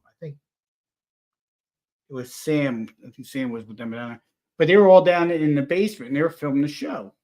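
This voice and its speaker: A man telling a story in a casual chat, rambling and animated, full of restarts. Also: on the high side. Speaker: paranormal investigator guest.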